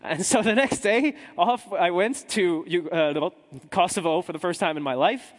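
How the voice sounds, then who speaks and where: A man's voice: high voice, unhurried, big-room sound. A man, a journalist, telling a humorous story to a live audience in a chatty, self-deprecating way with asides to the crowd.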